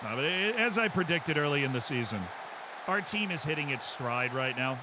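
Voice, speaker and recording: A man streaming a football management game, chatting and excitedly calling the plays as they happen. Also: on the high side, normal speed, noisy background. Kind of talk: live game commentary.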